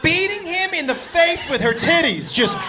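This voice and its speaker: A man doing stand-up comedy on a club stage, telling a wild story loudly and laughing through his punchlines. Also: very high-pitched, big pitch swings, moderate pace, over loud music. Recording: live club set with audience laughter. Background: crowd laughter and room noise.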